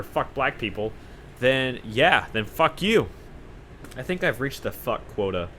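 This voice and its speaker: Young male podcast host, sarcastic and profane solo rambling, tense bright tone, light background noise. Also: mid-range voice. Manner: sarcastic, profane, self-mocking.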